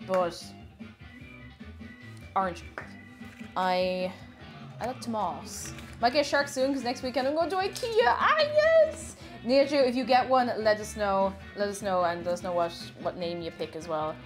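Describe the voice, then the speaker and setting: Bubbly young woman baking on stream, chats to viewers, bouncy voice, soft music behind. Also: medium pitch, animated, unhurried, pauses often. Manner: bubbly, chatty, repeats her phrases, greets chatters by name. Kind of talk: casual live-stream chat while baking.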